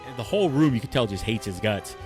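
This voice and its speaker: A man's voice: mid-range voice, lively intonation, fast, music in the background. A man co-hosting a podcast, chatting casually and telling stories animatedly, acting out quoted lines and laughing often. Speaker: podcast co-host. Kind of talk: casual chat.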